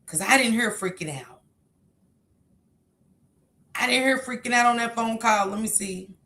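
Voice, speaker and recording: A woman's voice: fairly high pitch, a little slow, pushed and bright. A woman doing sassy casual live commentary, talking back to clips. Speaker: commentary streamer.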